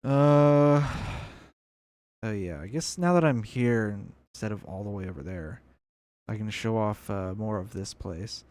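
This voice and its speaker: A man's voice: on the low side, unhurried, darkish tone, dry recording. A young man giving casual, rambling commentary on a video game as he plays, thinking aloud. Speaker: gameplay video creator.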